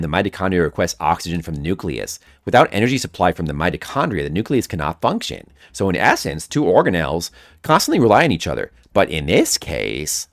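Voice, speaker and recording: A man's voice: low voice, no echo, clean studio sound, full character voice. A man voicing a nerdy male scientist from a video game, reading the dialogue aloud in an earnest, explanatory way.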